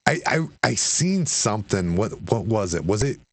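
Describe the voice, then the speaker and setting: A man hosting a casual chat, asking halting questions and repeating words as he searches for them. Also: on the low side, sing-song. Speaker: podcast host.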